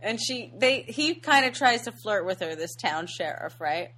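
A woman's voice: medium pitch, animated, moderate pace, a bit bright, a little hiss or hum. A woman co-hosting a podcast, casually recapping a movie plot in an easygoing way and laughing often. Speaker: podcast co-host. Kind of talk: casual chat about a movie.

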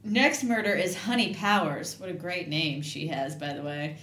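A woman's voice: sits low, expressive, normal speed, a bit bright, echoey room. A woman co-hosting a casual movie review chat, laughing often and acting out lines from the film. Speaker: podcast co-host.

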